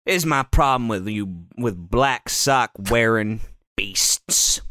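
A man putting on a slow, menacing Southern drawl as a parody bigot, savoring every word. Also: mid-range voice, lively intonation, pushed and bright, no echo, clean studio sound. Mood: sinister drawl. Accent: American Southern, put on.

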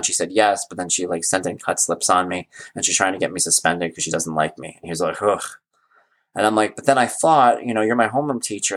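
A middle-aged man, telling casual stories as a podcast host and acting out the people he quotes. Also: lowish voice. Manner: animated, acts out quoted voices. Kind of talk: casual storytelling monologue.

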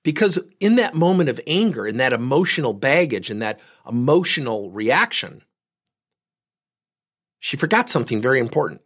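A man's voice: mid-range voice, big pitch swings, moderate pace, fairly bright tone, slightly rough. A middle-aged man giving a motivational business talk, speaking directly and emphatically and repeating points for stress.

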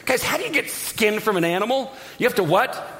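A man preaching a sermon in an animated, joking way, talking straight to the congregation. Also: high voice, a little fast. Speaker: pastor.

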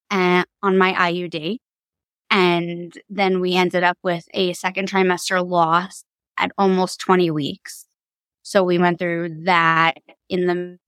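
A woman in her thirties from Long Island, New York, appears as a podcast guest and tells her family story in a candid, chatty way, laughing easily during this casual storytelling. Her voice is lowish and a bit bright, with no echo.

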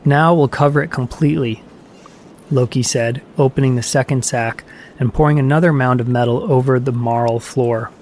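Male storyteller, mid voice, calm measured myth reading, slight background hiss. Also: mid-range voice. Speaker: narrator. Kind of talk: storybook narration of myths.

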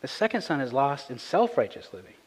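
A man in his thirties preaching a sermon as pastor, conversational and earnest, rising in pitch for emphasis. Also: very animated, a little fast, breathy edge, long reverb tail, low-quality recording. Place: church sanctuary.

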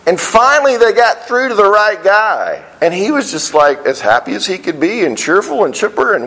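A man preaching a Sunday sermon in an earnest, searching way. His voice sits a little higher than most men's, and he often repeats words as he restarts a phrase. He slows right down on the lines he wants to land. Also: big pitch swings, a bit bright, low-quality recording. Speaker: pastor.

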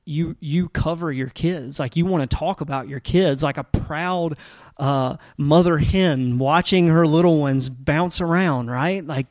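A man preaching a sermon as a pastor, talking casually with lots of fillers and restarts, and getting animated when he tells stories. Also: a little high, no echo, clean studio sound. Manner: conversational, rambling with fillers and restarts; animated storytelling with rising energy.

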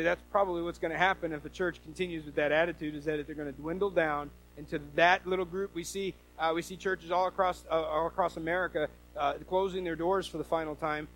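A pastor preaching a sermon in a high voice for a man. He keeps it conversational, restarting phrases and asking the congregation rhetorical questions. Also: rough recording.

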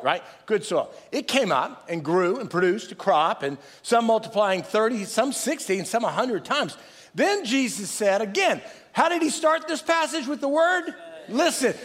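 A middle-aged man preaching a sermon as pastor, energetic, calling on the congregation to answer back and restarting phrases as he goes. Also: extremely high pitch. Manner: energetic, calls for crowd responses, restarts phrases. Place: large church hall. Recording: long reverb from a large church hall.

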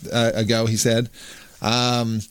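A man's voice: mid-range voice, completely flat delivery, slow pace, clean tone, no room sound. A man, an author, telling a long story casually, with many restarts, who acts out the people he quotes.

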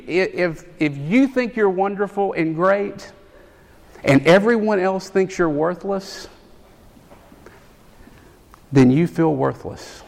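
A man preaching a sermon, animated, building to loud emphatic peaks. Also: high voice, slow, vocal fry. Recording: long hall reverb.

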